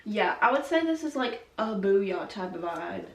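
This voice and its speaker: Young female vlogger, chatty and giggly, mid pitch; roomy, distant mic sound. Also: big pitch swings, unhurried, gravelly, a little hiss or hum. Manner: chatty and giggly, heavy use of "like". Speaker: YouTube host. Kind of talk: casual chat reviewing TV episodes.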